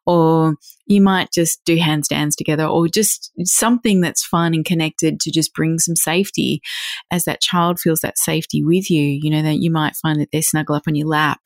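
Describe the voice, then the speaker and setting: A gentle woman talks through parenting advice on a podcast. Her voice sits a little low, and she slips into the voices of parents and children as she explains. The sound is dry and close. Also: creaky, no echo. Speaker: parenting expert.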